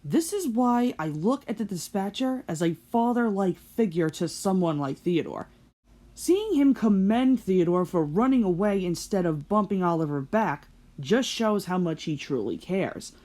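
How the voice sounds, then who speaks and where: A woman's voice: medium pitch, big pitch swings, measured pace, dark tone. A woman hosting a video commentary, speaking earnestly and reflectively. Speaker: host.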